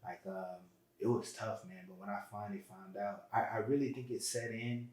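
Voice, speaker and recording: A man's voice: fairly low pitch, fairly even intonation, moderate pace, a little mellow. A man as a guest on a podcast, talking earnestly and from the heart in a casual interview chat. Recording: roomy, echoey room.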